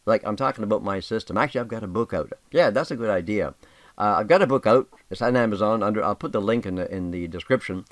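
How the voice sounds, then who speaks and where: A man's voice: lowish voice, quick pace, no room sound. An older man, talking casually and emphatically as host, reading aloud with asides. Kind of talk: casual monologue.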